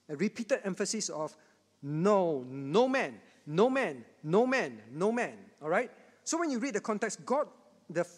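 A man pastor teaching the Bible to a congregation, with a repetitive, emphatic delivery and chuckling asides. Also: high-pitched. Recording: long hall reverb.

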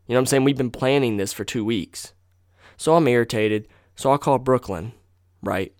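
A man's voice: fairly low pitch, fast talker, smooth, dry recording, clean studio sound. A young man hosting a podcast, telling a story in a rambling, profane, casual way and correcting himself as he goes. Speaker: podcast host.

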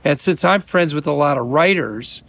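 A Midwestern-accented man with a gravelly, fry-tinged voice, sitting pitched a little high for a man. He chats casually as an interview guest, rambling, restarting, laughing easily. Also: moderate pace, a bit bright, dry recording. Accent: American Midwestern. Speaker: actor guest.

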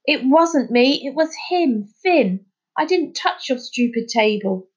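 A woman voicing a hot-tempered schoolboy bully, shouting in anger. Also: mid-range voice, a little slow, highs cut off, natural voice. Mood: angry. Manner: shouting, aggrieved.

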